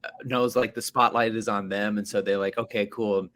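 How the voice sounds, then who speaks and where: A man's voice: lowish voice, fairly even intonation, brisk, fairly bright tone. A man co-hosting a comedy podcast, chatting casually with frequent laughs and rambling, filler-heavy stories. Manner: laughs often, loose rambling storytelling with many fillers. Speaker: podcast co-host and stand-up comedian.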